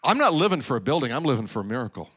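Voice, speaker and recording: A man preaching a sermon as pastor of a church. He swings between loud, high exclamations and low, quiet asides. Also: big pitch swings, racing, slightly rough.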